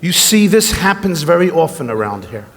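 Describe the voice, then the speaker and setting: Animated high-voiced rabbi in a reverberant hall. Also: male voice, normal speed. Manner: animated, joking storyteller. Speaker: rabbi, keynote speaker. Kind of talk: humorous keynote speech. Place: large event hall. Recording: long reverb from a large hall.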